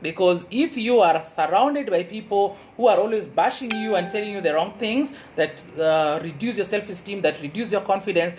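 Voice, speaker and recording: A woman with a Kenyan Luo accent, a university lecturer giving an earnest motivational talk and repeating key advice slowly for emphasis. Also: mid-range voice, expressive, a little mellow, slight background noise, poor audio.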